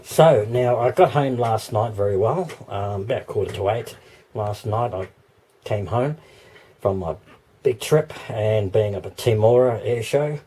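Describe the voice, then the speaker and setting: Australian man, hoarse, rambling vlog talk, deep voice, outdoor noise behind. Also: unhurried, warm tone. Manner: rambling, with many ums and little laughs. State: hoarse, losing his voice. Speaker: vlogger. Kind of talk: casual vlog chat. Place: walking outdoors.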